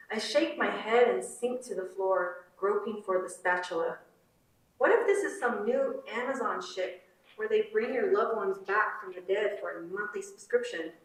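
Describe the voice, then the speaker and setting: Slow-reading woman in an echoing hall. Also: medium pitch. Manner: measured, unhurried reading. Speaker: conference presenter. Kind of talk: reading a short story aloud, then commentary. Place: conference room. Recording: roomy hall from far off.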